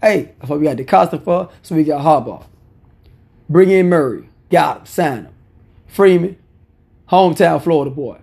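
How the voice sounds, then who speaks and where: A sports picks commentator with a fairly high, gravelly voice runs through his football betting picks in a loose, conversational way. Casual and opinionated, he repeats short phrases to drive his point home, speaking mellowly at a moderate pace with long pauses.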